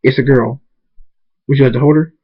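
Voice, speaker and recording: A man voicing a pony doctor who gives loud, urgent commands in a raised voice. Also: mid-range voice, steady tone, brisk, slightly rough, muffled recording, lightly acted.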